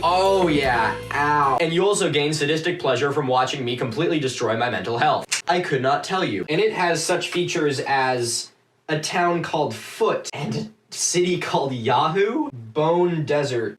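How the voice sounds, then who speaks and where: A man's voice: on the high side, a bit bright. Exasperated, sarcastic young man, echoey. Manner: exasperated, sarcastic, swears often. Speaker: video host. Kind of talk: sarcastic debunking commentary. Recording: echoey room, distant mic.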